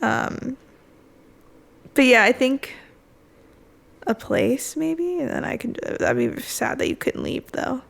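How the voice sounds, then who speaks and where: A woman's voice: high voice, lively intonation, slow pace, gravelly, pauses often, fairly bright tone. A woman in her twenties co-hosting a podcast, chatting casually and jokily with frequent swearing. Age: 20s. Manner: playful, swears freely, jokey. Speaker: podcast co-host. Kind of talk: casual chat.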